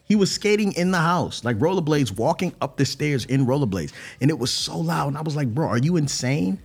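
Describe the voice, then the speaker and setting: A man's voice: a little high, fairly quick, slightly rough. A man in his thirties co-hosting a casual podcast chat, telling stories animatedly in slangy speech and acting out what people said. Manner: animated storyteller, slangy, acts out quotes. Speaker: podcast co-host.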